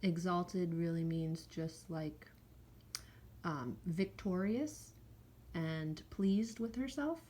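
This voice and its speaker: A woman's voice: fairly low pitch, slow pace, mellow, a little hiss or hum. A woman teaching by reading a chapter book aloud to children, stopping in a chatty way to explain words and punctuation. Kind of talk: read-aloud lesson to children.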